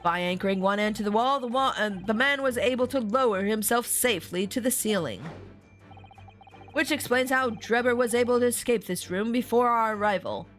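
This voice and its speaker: A smug, grandiose Victorian detective holds forth in theatrical tones, as a woman puts on a man's voice. The voice sits on the high side for a gentleman and never loses its self-satisfied polish. Soft game music plays faintly underneath. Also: fairly quick, close to an everyday voice.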